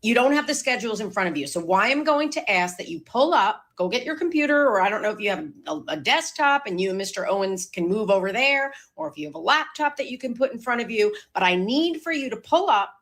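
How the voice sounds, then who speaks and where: A stern woman leads formal questioning at a bankruptcy hearing. She presses the debtor and cuts off interruptions. Her voice sits fairly high. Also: expressive, a little fast, few pauses, fairly bright tone.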